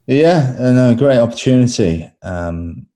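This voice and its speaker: A man with an English accent, an actor being interviewed, talking in a relaxed way with fillers and repeated words. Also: mid-range voice, unhurried. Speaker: actor guest. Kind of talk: casual interview chat.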